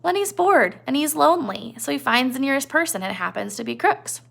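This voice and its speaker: A woman's voice: sits high, lively intonation, a little fast, creaky, a bit bright. A woman teacher giving a conversational classroom lecture, retelling a novel with asides and checks on her listeners.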